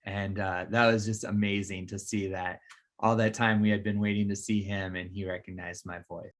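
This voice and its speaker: A father with a fairly low voice tells a tender story in a documentary interview. He speaks earnestly and plainly. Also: little pitch movement, normal speed. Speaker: father telling a family story.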